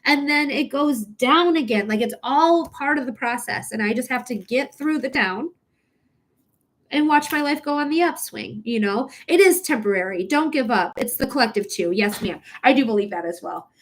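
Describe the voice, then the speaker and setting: A woman with a high-pitched voice and lively intonation reads tarot on a live stream at a moderate pace. She's emotional and on the verge of tears, pouring out thanks to viewers while casually swearing.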